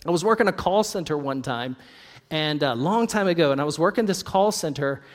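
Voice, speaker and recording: A man with a high, light voice preaching a sermon, friendly and conversational, slipping in jokes and laughing as he goes. His voice rings with a long reverb, as in a large church hall. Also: lively intonation, fairly quick. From North Idaho. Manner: conversational, joking asides, laughs often. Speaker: pastor.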